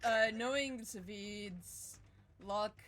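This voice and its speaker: A woman's voice: medium pitch, extremely slow, a bit bright. A woman taking part as a player in a tabletop game, talking casually and practically.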